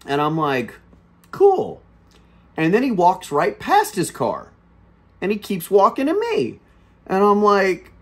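Brief: male host, casual storyteller, lively swinging pitch, swears freely. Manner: animated, profane, emphatic. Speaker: channel host.

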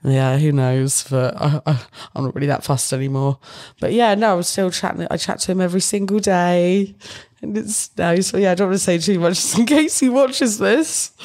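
A woman's voice: fairly low pitch, normal speed, darkish tone. A young British woman from the UK, chatting casually as an interview guest, rambling with fillers and frequent laughter. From United Kingdom. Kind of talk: casual chat.

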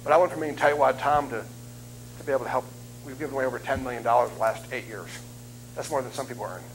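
A man in his fifties preaching as a guest speaker, telling funny stories in an animated, self-deprecating way. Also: mid-range voice, fast talker, slight background noise, low-quality recording. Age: 50s. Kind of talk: humorous sermon storytelling. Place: church sanctuary.

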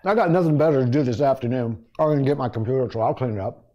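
A man's voice: mid-range voice, racing, warm tone, highs cut off. A middle-aged father chatting easily in a home kitchen, chuckling often in a fatherly way. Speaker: streamer's father. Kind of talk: casual chat.

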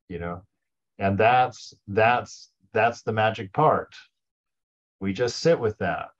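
A husky, slightly breathy man speaks in a low voice, teaching a group in a loose, conversational spiritual talk. He chuckles often and circles back over his own words. The recording sounds dull and lo-fi. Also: slow, pauses often. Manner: restarts and repeats words when searching for phrasing. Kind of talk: informal dharma talk to a group.

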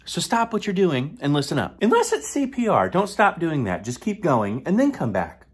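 Animated, playful comedic man. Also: on the high side, moderate pace, breathy edge. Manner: playful and animated, with sudden whispered asides. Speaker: comedian host of a sponsored segment. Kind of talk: comedic sponsored countdown.

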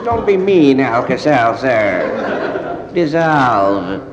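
A man on stage performs a one-sided phone call, groggy and sheepish, stumbling over his words. His pitch swings widely from sigh to yelp. It is an old, dull, hissy vinyl recording with a long, roomy echo. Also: very animated, very slow, a crowd in the background. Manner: groggy, stammering, sheepish hungover rambling. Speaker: stand-up comedian.

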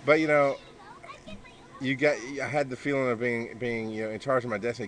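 A man's voice: mid-range voice, level tone, a little fast, a bit bright. A man talking casually to the camera in a blunt, profane way, scolding his kids between thoughts, outdoors by a pool. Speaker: podcaster and father. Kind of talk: casual vlog monologue.

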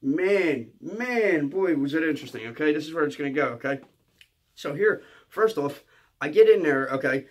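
A man, telling a rambling, profane storytime monologue and ending lines with a quick "okay?". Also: fairly high pitch, lively intonation. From Philadelphia area. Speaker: comedian.

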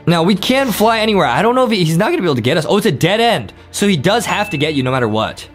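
Hyped high-voiced man commentating gameplay. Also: big pitch swings, racing, faint music behind. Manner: hyped and exclamatory, says bro a lot. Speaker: gaming channel co-host.

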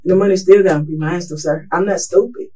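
Rambling, profane suspect in a distant recording. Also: male voice, sits high, fairly even intonation, fairly quick, dark tone, husky. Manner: rambling, profane, swings from mumbling to agitated. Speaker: suspect under interrogation. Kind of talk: police interrogation answers. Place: police interview room. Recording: distant mic with faint noise.

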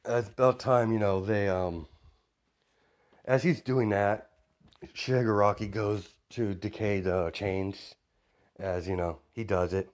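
A man's voice: lowish voice, fairly even intonation, slow pace. A man casually retelling a fan story, rambling with many fillers and restarts.

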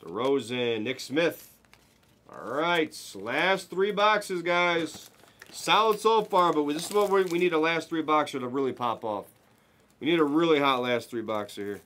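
Excitable man calling a card break. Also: a little high, moderate pace, a little hiss or hum. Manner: excited running play-by-play, chatting with viewers. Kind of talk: live card-opening commentary.

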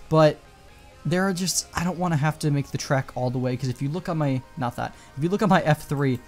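Casual male gameplay commentator, chatty and rambling, mid-pitched, with faint music under him. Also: a little mellow. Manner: chatty, rambling, coaxing in-game animals.

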